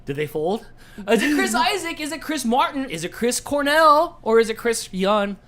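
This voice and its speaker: A man's voice: very high-pitched, big pitch swings, moderate pace, a loud crowd. A man hosting a casual live-streamed trivia game show from home, playful and jokey, easily sidetracked.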